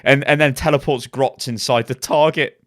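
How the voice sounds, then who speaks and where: A man's voice: medium pitch, steady tone, normal speed, a bit bright, no room sound, studio quality. A man co-hosting a casual gaming podcast, talking animatedly and laughing often. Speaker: podcast co-host.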